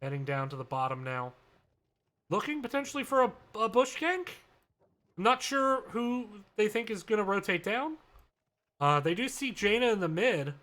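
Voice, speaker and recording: Male esports caster calling a live match; high, bright and brisk, with chatty asides. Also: big pitch swings. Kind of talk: live play-by-play commentary.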